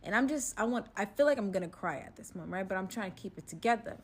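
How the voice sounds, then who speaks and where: A woman telling a casual storytime recap in an animated, slangy way, acting out other people's lines as she goes. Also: medium pitch, fast talker, breathy edge. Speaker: storyteller vlogger.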